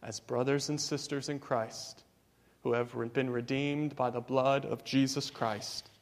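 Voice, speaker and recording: A man preaching a sermon as pastor, moving from hushed passages to loud, fervent exhortation. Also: medium pitch, steady tone, measured pace. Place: church sanctuary. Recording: long hall reverb.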